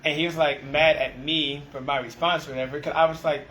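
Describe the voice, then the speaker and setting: A man who leads a restaurant team, chatting casually and acting out the exchanges in his stories with lively energy. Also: on the high side, a little fast, hardly any pauses, a little hiss or hum, poor audio. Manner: animated storyteller, acts out quoted exchanges. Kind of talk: casual conversation.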